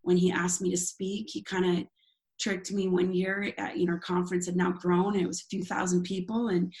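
A woman's voice: on the low side, flat delivery, brisk, darkish tone. A woman who is a worship leader and former youth pastor, telling her personal testimony in an interview in a candid, self-deprecating way with frequent laughs.

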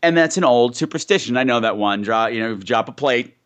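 Animated man acting out movie scenes. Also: mid-range voice, quick pace. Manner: animated, acts out quotes in voices. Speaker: podcast co-host. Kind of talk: casual movie chat.

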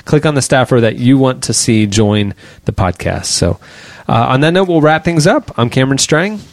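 A man hosting a podcast, chatting casually and reading out show announcements at a quick clip. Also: mid-range voice, lively intonation, dry recording. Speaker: podcast host.

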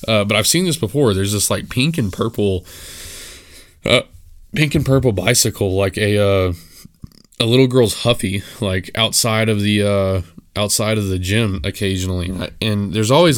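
A man hosting a solo podcast, telling a rambling story in casual chat, full of fillers and restarts. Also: low-pitched. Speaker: podcast host.

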